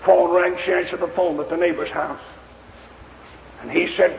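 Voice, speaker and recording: A male preacher tells a story in a high, gravelly voice with a folksy, emphatic delivery. The sermon rings through a large, echoing hall with a long reverb tail and a faint hiss in the background. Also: little pitch movement, moderate pace, long pauses. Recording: echoey hall, faint noise.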